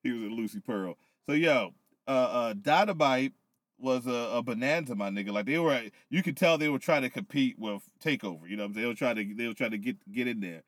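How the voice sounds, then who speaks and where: A man in casual podcast chat, breaking down a wrestling show with loose, profane energy. He sounds a little tipsy from whiskey, and his voice sits at an ordinary pitch. The recording is close and dry, with no room sound. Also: fairly quick, dry recording. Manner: loose, profane, animated storytelling. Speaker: podcast co-host.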